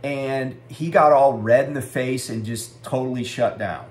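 A man's voice: medium pitch, measured pace. A middle-aged man who drives a truck, telling a story in a casual, ranting vlog and swearing freely.

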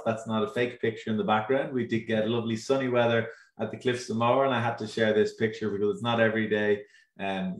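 Chatty Irish man with a low voice. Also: roomy sound. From Ireland. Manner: chatty, enthusiastic, many ums and uhs. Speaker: tour operator representative. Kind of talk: casual presentation on a live stream.

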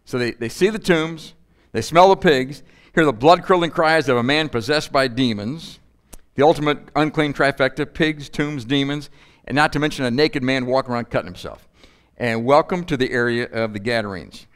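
Man preaching an animated sermon. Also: medium pitch, moderate pace, clear, resonant tone. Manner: animated, rhetorical questions, playful asides. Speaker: pastor. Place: church.

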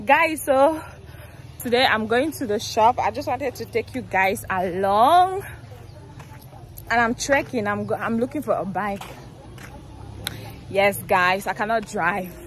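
A young woman with a fairly high voice vlogs on her phone as she walks through a city. She is chatty and self-conscious and laughs easily. Traffic, cars and motorbikes are clearly audible behind her. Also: lively intonation, slow, pauses often. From Cameroon. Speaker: vlogger. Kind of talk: casual walking vlog. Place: busy city street outdoors. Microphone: phone held while walking. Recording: phone recording with loud street traffic. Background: cars and motorbikes passing.

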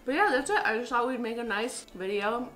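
Brief: young woman vlog host, excitable and profane, bright, fairly high voice, echoey kitchen. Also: brisk, soft background music. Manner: effusive, swearing, excitable. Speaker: channel host. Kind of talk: casual cooking vlog chat. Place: home kitchen.

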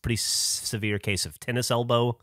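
Fairly quick and mid-range, this man's voice comes through clean studio sound with no room echo. Co-hosting a podcast, he swears freely while animatedly telling stories in loose conversation.

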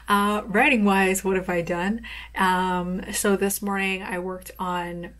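A woman author chatting casually in a vlog, rambling with lots of fillers and soft laughs. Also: mid-range voice, steady tone, slow. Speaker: author vlogger.

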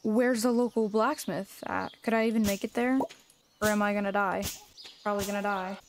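A young woman streams a game with loose, casual commentary. She sounds exasperated and jokey as she grumbles and argues back at what's on screen. Her voice sits at an ordinary middle pitch. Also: fairly even intonation, a little fast, background noise. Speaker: gaming streamer. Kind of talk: casual let's-play commentary.

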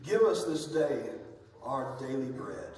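A man preaching a sermon with passion, building to near-shouts on the points he stresses. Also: medium pitch, expressive, takes it slowly, a little hiss or hum. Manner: impassioned, rising to near-shouts on emphatic lines. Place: church sanctuary. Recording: echoey church hall, voice from far off.

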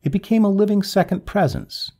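Gravelly man reading a ghost story. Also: fairly quick. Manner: dramatic storytelling with very lively swings in pitch. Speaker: narrator. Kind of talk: audiobook reading of a classic story.

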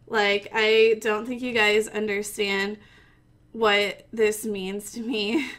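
Giggly, bright-voiced woman streamer. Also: on the high side, steady tone, slow, slight background noise. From Missouri. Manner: gushing, giggly, mock-tearful. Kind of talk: mock acceptance speech.

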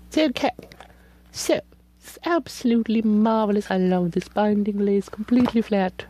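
A young woman reviewing ink and paper in a casual, gushing and playful way, sometimes dropping into hushed whispers. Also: medium pitch, moderate pace, rough recording.

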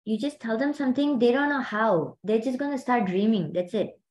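A woman's voice: on the high side, a little fast, a little mellow, low-quality recording. A woman hosting and coaching a group on a video call, talking in a chatty, rambling way full of fillers. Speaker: host and mindset coach.

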